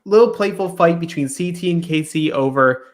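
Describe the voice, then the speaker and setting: A man's voice: fairly high pitch, moderate pace. A man co-hosting a reality show recap in a casual chat, retelling scenes and briefly acting out the cast's lines.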